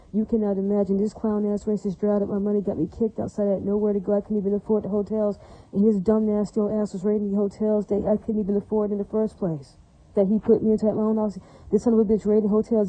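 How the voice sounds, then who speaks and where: Over poor audio, a woman vlogger with a warm, mid-range voice goes on a lengthy, furious tirade at her viewers. Her ranting circles back on itself, and she repeatedly checks, "does that make sense?"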